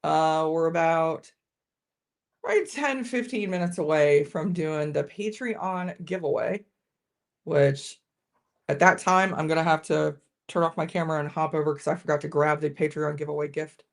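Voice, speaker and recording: A woman's voice: deep voice, normal speed, creaky. A woman hosting a casual live-stream whiskey tasting, chatting with viewers and often restarting her sentences.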